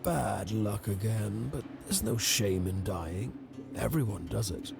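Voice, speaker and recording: An actor playing a calm, wry ancient wolf spirit in a video game, with a gravelly voice. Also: male voice, fairly low pitch. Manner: slow, unbothered, quietly amused. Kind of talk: game voice acting. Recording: game audio under a music bed.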